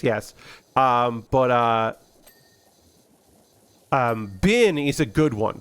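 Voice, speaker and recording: Male streamer, casual rambling commentary over gameplay, self-deprecating, mid pitch. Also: slow, vocal fry, long pauses, a bit bright. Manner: rambling, self-deprecating, many fillers and restarts. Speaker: gaming streamer.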